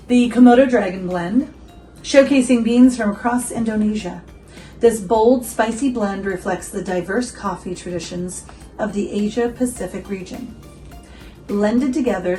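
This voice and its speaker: A woman's voice: mid-range voice, dark tone, low-quality recording. A woman hosting a casual coffee-review vlog at home. She chats and giggles, quizzes her viewers, and makes asides to her dog.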